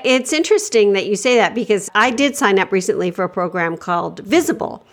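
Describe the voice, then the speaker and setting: A woman co-hosting a comedy podcast, trading dry, deadpan absurd ideas in improvised banter. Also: medium pitch, brisk. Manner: puts on a mock 1940s transatlantic accent. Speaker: podcast co-host.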